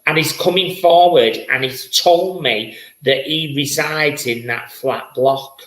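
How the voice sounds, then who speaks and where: Chatty psychic medium guy doing a live reading, bright tense voice, repeats himself a lot. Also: fairly high pitch, takes it slowly, echoey room, low-quality recording. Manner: chatty, effusive, repeats words. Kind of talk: live-streamed spirit reading.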